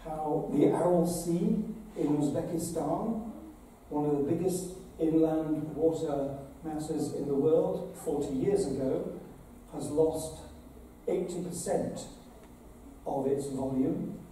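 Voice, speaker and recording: A man's voice: fairly high pitch, slow, warm tone. A man, a bishop, giving an earnest, conversational address to an assembly, with dramatic retellings. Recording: very echoey hall, voice from far off, faint noise.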